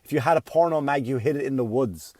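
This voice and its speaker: A middle-aged man doing a stand-up comedy routine, profane and ranting, swinging from muttering to yelling. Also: mid-range voice, fast talker, no room sound.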